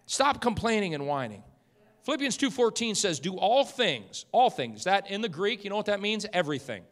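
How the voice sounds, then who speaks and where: A high, lively male voice with a bright, forceful edge, preaching from a church platform. He moves between booming emphasis and soft, chatty asides. A long reverb trails after him through the sanctuary. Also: fairly quick. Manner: swings from loud preaching to quiet, chatty asides with laughs. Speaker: pastor. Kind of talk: sermon.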